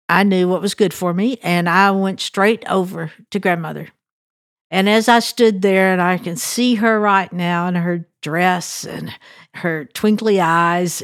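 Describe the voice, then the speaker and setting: A woman's voice: medium pitch, dry recording, studio quality. A woman telling a family story in a devotional podcast segment and tying it to scripture in an anecdotal, storytelling way.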